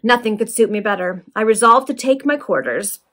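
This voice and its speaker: A woman reading aloud, voicing a cool and menacing male villain in her own voice. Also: on the high side. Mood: boastful. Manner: calm, mocking, unhurried.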